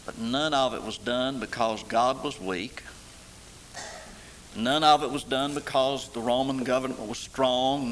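A man preaching a sermon, rising to loud, high, stretched-out lines and then falling back low and quiet. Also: slight background noise, poor audio.

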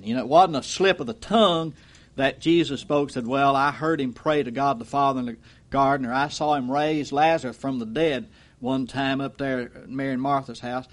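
A man preaching an expository sermon in a folksy way, acting out quotes and swinging from loud to low. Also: brisk.

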